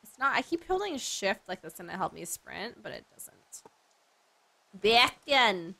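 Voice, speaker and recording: A young Australian woman hosting a let's play, chatting casually over her gameplay in an animated, joking way and swearing often. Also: mid-range voice, fairly quick, gravelly.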